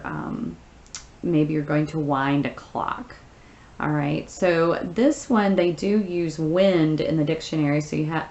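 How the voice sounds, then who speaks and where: A woman's voice: sits low, a little mellow, echoey room, lo-fi sound. A woman teacher who reads a short story aloud, then patiently explains the answers step by step, with many fillers.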